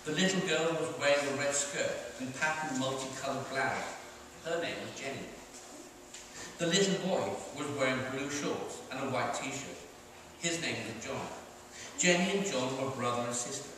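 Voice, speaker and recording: A man's voice: mid-range voice, normal speed. A man from Sweden, an author, reading his storybook aloud to children in a library. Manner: clear, expressive storytelling. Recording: echoey hall from far off, noisy.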